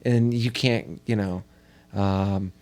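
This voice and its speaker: Lower-voiced man explaining earnestly. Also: fairly even intonation, slow pace, a little mellow. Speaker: podcast co-host, teacher. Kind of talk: casual chat.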